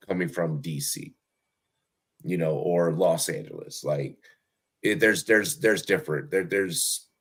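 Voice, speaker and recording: Low and husky, this young man's voice carries a fantasy football podcast recorded over a remote call. The talk is casual and profane, rambling with plenty of fillers and false starts.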